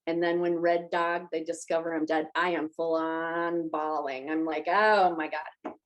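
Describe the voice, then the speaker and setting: Woman, lowish voice, chatty, emotional storyteller, casual movie podcast talk. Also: little pitch movement, normal speed, rough recording. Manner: chatty and emotional, retelling a plot. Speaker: podcast panelist.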